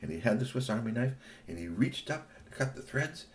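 A middle-aged man narrating a children's story in an animated way, talking to young listeners. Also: mid-range voice, a little fast, slight background noise.

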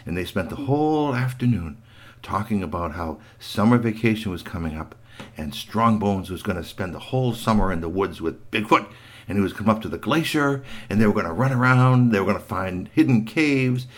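A man telling a children's story aloud, animated, with sound effects and playful asides. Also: on the low side, fairly quick.

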